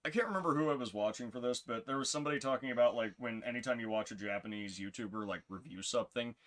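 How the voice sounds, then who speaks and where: A man's voice: fast talker, fairly bright tone. A man co-hosting a casual podcast, telling long rambling stories and laughing often. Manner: rambling storyteller, jumps into high voices for quotes. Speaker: podcast co-host. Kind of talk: casual chat.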